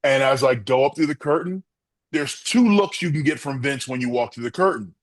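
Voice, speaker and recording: A middle-aged man tells wrestling stories with lively flair and jumps into the voices of the people in them. His pitch sits mid-range for a man. The recording is dry and close, with no room sound around him. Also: a little fast, dry recording. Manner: animated storyteller, acts out quotes. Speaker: guest, former pro wrestler. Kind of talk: storytelling interview answers.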